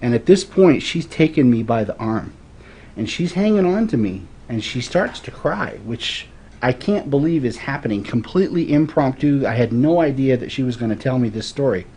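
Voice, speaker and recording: Guest storyteller, man, forties, earnest and reflective, middle pitch. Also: expressive, moderate pace, mellow, slightly rough. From Florida. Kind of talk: casual interview storytelling.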